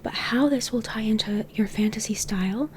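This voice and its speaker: A woman talking to camera about personal style in a gentle, whispered, heart-to-heart way. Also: a little high, normal speed, slight background noise. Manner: whispers much of the time. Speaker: style consultant and YouTuber. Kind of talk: soft-spoken talk to camera.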